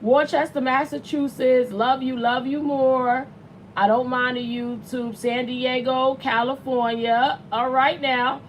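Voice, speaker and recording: A woman's voice: high-pitched, level tone, slow pace, slight background noise, poor audio. Chatty late-thirties woman host. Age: late 30s. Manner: chatty, blunt, reads viewer comments aloud. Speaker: show host. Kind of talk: casual livestream chat.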